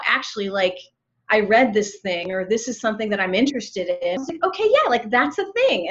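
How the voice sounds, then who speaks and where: A woman's voice: on the high side, a bit bright. A woman of fifty, a relationship coach, talking openly and reflectively in a casual conversation, with many likes and ums. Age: 50s. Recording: dull lo-fi sound.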